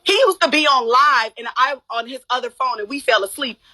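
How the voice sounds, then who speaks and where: Woman, livestream guest, venting, swears freely, high-pitched. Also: a little fast, pushed and bright. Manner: blunt, profane, acts out quotes. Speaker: livestream guest telling her side. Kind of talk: heated casual livestream talk.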